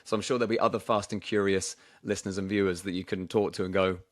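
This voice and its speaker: A man co-hosting a podcast, chatting in a dry, deadpan way. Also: deep voice, fast, no echo. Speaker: podcast co-host. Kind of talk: casual podcast chat.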